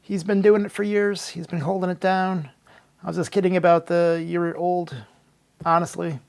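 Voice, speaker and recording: A man narrating a sarcastic, mock-dramatic story as a comedic vlog. His voice is high for a man and gravelly throughout. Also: flat delivery, moderate pace, a little mellow.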